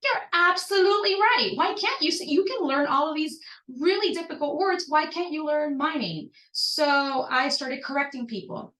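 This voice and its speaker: A woman in her thirties telling personal stories as a podcast guest, animated and jumping up in pitch when she stresses a point. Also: moderate pace, few pauses. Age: 30s. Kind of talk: personal storytelling in conversation. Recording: echoey room.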